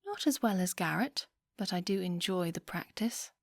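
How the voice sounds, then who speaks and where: A woman's voice: on the low side, animated, moderate pace, no room sound, clean studio sound. A woman reading an eager, earnest young lady who is shy and romantic, in an audiobook.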